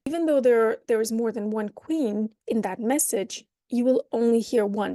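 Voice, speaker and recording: A woman teaching a language lesson, unpacking the rules with playful metaphors. Her voice sits fairly high but has a mellow, soft-edged tone. The recording is dry and close, with no room sound. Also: dry recording. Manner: explains with playful metaphors, models phrases slowly then at natural speed. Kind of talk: online lesson.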